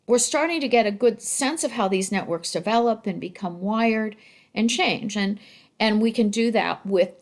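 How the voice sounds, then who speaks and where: A woman, a speech-language pathologist, giving a recorded continuing-education lecture in a measured, explanatory way with small restarts. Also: mid-range voice.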